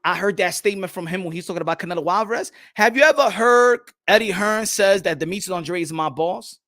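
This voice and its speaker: A young man hosting a boxing talk stream, animated and swearing freely as he reads the chat. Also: sits high, fast. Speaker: boxing commentator host.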